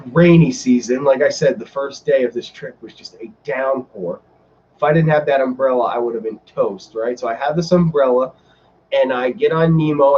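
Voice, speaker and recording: A man hosting a casual live stream, telling a story in an animated, rambling way with many fillers. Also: medium pitch, dull audio, slight background noise. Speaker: vlogger host.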